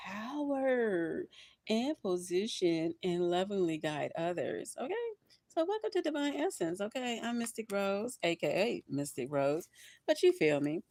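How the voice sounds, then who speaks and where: An older woman reading tarot on a livestream, expressive and preachy, often laughing and calling her listeners honey and baby. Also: mid-range voice, normal speed, no room sound. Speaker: tarot reader.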